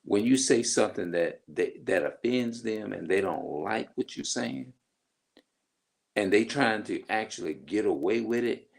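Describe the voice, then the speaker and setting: Deep gravelly man ranting. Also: animated, a little slow. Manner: rambling, emphatic, profane. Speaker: vlogger. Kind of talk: casual monologue.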